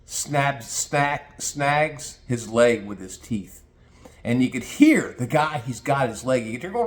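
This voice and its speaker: An older man rants in a crude, mocking way, telling a story in a casual monologue. His voice sits fairly high for a man. He mimics the people he mocks as he goes along. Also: big pitch swings, normal speed. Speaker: vlogger. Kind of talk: casual rant.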